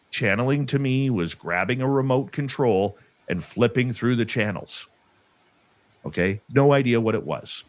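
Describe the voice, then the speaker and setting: A man with a fairly low voice tells a personal story in an earnest, halting way, often breaking off and starting his sentences again. The sound is dry and close. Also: no room sound. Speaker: guest telling a personal paranormal story. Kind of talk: casual storytelling.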